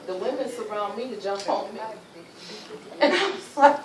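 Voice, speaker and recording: A woman giving an emotional personal testimony at a luncheon, telling her story in animated, informal speech and acting out what people said. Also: on the high side, moderate pace. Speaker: speaker sharing a personal testimony. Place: luncheon event room. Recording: roomy, distant mic, faint ambience.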